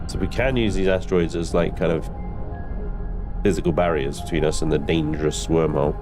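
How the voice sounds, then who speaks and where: A man's voice: very deep voice, fairly even intonation, a little fast, music in the background. A man commenting on a live space game stream, chatty and joking at his own expense. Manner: chatty, jokey, self-mocking.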